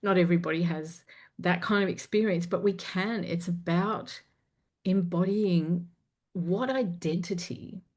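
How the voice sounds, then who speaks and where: A woman guest, a confidence coach and performer, telling personal stories candidly in a podcast interview, animated and frank, with some casual swearing. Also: fairly low pitch, unhurried. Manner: animated, swings loud and soft while retelling a story.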